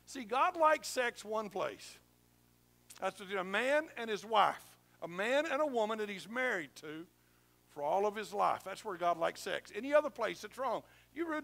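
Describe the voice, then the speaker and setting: A pastor preaches from the pulpit in a folksy, emphatic way, teasing his listeners as he goes. His voice sits high for a man and rings bright and forceful. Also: vocal fry. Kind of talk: sermon. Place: church sanctuary.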